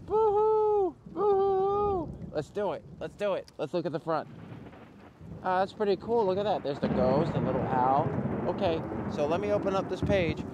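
A man's voice: on the high side, fairly quick, lo-fi sound, noisy background. A man reading a children's book aloud, playful, with chatty asides and sound effects. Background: loud music.

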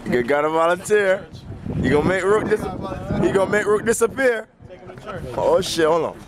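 A man filming a vlog at an outdoor open mic, bantering loudly and laughing, often repeating what others say. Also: high-pitched, lively intonation, normal speed. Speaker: vlogger. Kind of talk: rowdy casual banter. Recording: noisy outdoor crowd. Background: loud crowd chatter.

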